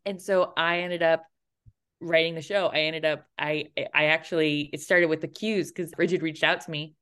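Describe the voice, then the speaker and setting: Woman, low voice, young adult, chatty anecdotes, laughs a lot, acts out quotes. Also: fairly even intonation, moderate pace, fairly bright tone, clean tone. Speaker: interview guest, playwright and performer. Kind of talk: casual anecdotal storytelling.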